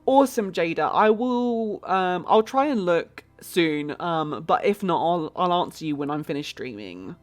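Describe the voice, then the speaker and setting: Low-voiced British woman streaming a game. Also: expressive, a little slow, few pauses, faint music behind. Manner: chatty, thinks aloud, greets chat viewers. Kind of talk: casual gameplay commentary.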